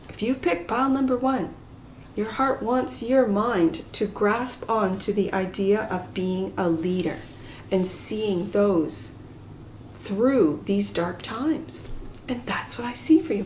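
A gentle, soft-spoken woman giving a pick-a-card tarot reading to her viewers, sometimes dropping to a whisper. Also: mid-range voice, a little hiss or hum. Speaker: tarot reader.

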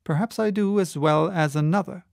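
Narrator guy doing a cool polite english gent, gravelly voice, dry close sound. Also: high voice, moderate pace, no echo. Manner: calm, formal, precise.

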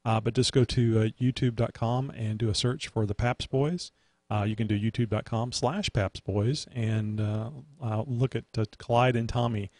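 A man's voice: mid-range voice, fairly even intonation, moderate pace, darkish tone, no echo. Rambling male podcast host, dry sound. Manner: rambling, many "uh" fillers. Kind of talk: casual podcast chat.

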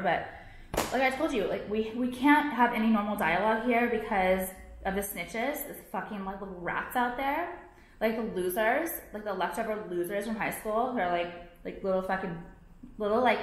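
A woman's voice: medium pitch, moderate pace. A young woman vlogging to her viewers, ranting in a profane, exasperated way and filling her talk with "like". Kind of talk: casual ranting to camera. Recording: echoey room.

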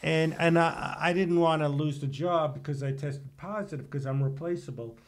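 A man's voice: fairly high pitch, normal speed, a crowd in the background. Hesitant, nervous man on a podcast. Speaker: actor guest. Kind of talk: casual chat.

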